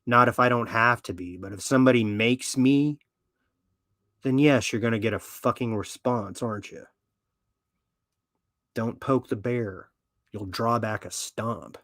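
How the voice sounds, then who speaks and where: Speaking a little slowly and pausing often, a man with a mid-range, slightly bright voice is recorded in a clean studio with no room sound. He hosts a podcast, delivering a swaggering, blunt, opinionated monologue loaded with profanity.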